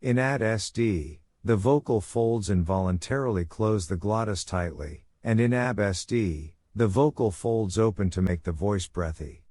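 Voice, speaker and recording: Japanese accent guy, middle-aged doctor, reads his slides slow and steady, fairly low voice. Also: no echo, studio quality. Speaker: physician giving a lecture. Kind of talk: prepared conference lecture.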